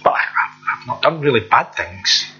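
A man's voice: medium pitch, very animated, moderate pace, bright, forceful tone, a little hiss or hum, voice pushed down. A man preacher voicing a self-righteous churchgoer, who talks hesitantly to justify himself. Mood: smug. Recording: dull lo-fi recording.

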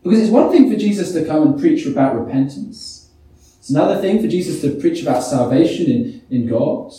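In a church, a man with a fairly high, dark voice preaches a sermon, reading scripture and putting many rhetorical questions to the congregation. The mic picks him up from a distance in the echoey hall.

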